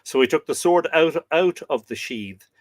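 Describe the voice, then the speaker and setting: A man's voice: a little high, lively intonation, no room sound. Man reading old myths aloud. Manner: reads aloud, then breaks off into chatty, halting asides. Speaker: podcast host reading myths. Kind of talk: live storytelling reading with asides.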